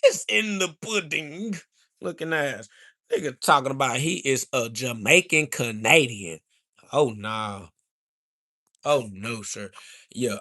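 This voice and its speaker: A man, ranting loudly and profanely at his livestream chat, mocking and trash talking into a phone. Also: on the high side, lively intonation, a little slow. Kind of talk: angry livestream rant.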